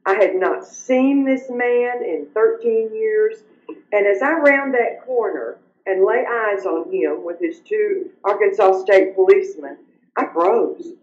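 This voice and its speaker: An older woman, earnestly telling her personal story as an interview guest, sometimes halting when upset. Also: mid-range voice, darkish tone. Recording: roomy, muffled remote audio.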